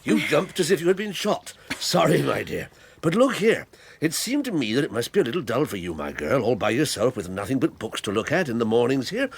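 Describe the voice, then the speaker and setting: A bluff old country squire. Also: male voice, mid-range voice, big pitch swings, a little fast, creaky, a little hiss or hum. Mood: genial. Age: older. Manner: bluff, rambling and fatherly. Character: hearty old country squire, fond and talkative. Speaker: Squire Hamley. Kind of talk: 1980s radio drama acting.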